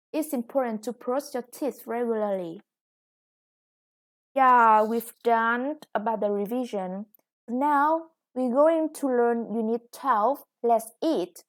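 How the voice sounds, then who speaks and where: Woman, English teacher, slightly high voice, slow and careful delivery. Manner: slow, deliberate, stresses each new word. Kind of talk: recorded classroom lesson.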